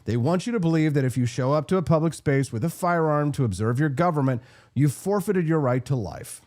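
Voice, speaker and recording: A man's voice: medium pitch, a little mellow. Sarcastic, combative male show host. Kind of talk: political commentary show.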